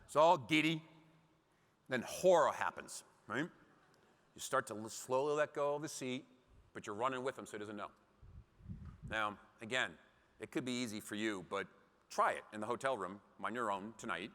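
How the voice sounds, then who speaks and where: A man's voice: mid-range voice, normal speed, long pauses. A middle-aged man giving a motivational keynote talk to a conference crowd, acting out little scenes as he tells stories. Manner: animated storytelling, acts out scenes. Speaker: keynote speaker. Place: large conference hall. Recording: long hall reverb.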